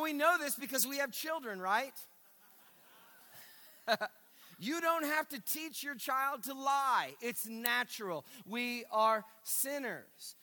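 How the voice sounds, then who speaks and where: A man's voice: very high voice, sharp tone. A male pastor preaching a sermon to his congregation, emphatic and repeating key phrases, often stumbling over restarts. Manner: addresses the congregation directly. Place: church sanctuary. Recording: long reverb of a large hall.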